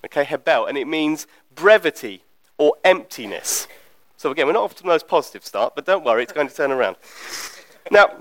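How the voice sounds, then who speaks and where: A man's voice: on the high side, no room sound, low-quality recording. A man preaching a teaching sermon in a conversational, explanatory way, often checking in with the listeners.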